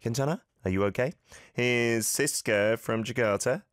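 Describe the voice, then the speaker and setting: Low-voiced man hosting a chatty lesson. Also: sing-song, normal speed, fairly bright tone, dry recording, clean studio sound. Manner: playful, chatty, repeats phrases to model them. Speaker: podcast host teaching Korean. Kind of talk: casual language lesson.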